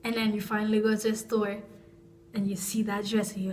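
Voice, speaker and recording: A woman's voice: mid-range voice, level tone, fairly quick, darkish tone, a little hiss or hum. A young woman vlogger telling a personal story in a casual, rambling way, with frequent restarts and asides.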